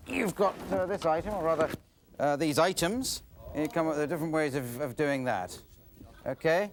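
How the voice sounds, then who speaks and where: A British man hosting an improv game show in a TV studio, who talks with lots of hesitant uh's. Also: a little high. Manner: hesitant, full of uh's, dry and breezy. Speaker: host. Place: TV studio with a live audience. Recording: studio audience and background noise.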